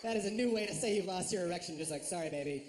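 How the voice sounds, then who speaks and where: A man performing a stand-up comedy set, animated and quick to leap into high shrill voices for his impressions. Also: background noise. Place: comedy stage.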